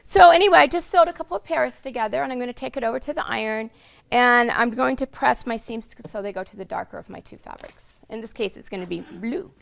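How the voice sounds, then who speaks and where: Woman, quilting teacher, hoarse, gravelly fry, slightly high voice, chatty step-by-step explaining. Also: fast talker. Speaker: quilting instructor. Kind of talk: casual sewing demonstration.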